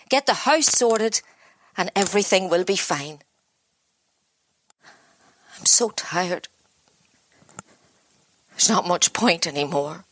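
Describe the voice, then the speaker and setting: An actress playing an exhausted, abused mother who blames herself, speaking in a halting, broken inner monologue. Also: medium pitch, a bit bright. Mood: weary. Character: exhausted, self-blaming abused mother, worn down. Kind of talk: dramatic monologue.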